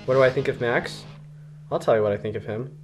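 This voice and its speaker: A man's voice: mid-range voice, fast talker, over music. Young guy, pompous and scornful. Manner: grandly scornful, mock-pompous. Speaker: interviewee in a comedy sketch. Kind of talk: mock interview.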